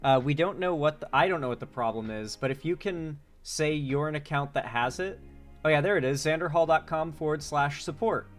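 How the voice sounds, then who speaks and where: A man's voice: a little high, fairly quick, soft background music. Man greeting a livestream chat. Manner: greets chat names one by one, rambling asides. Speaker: livestream host.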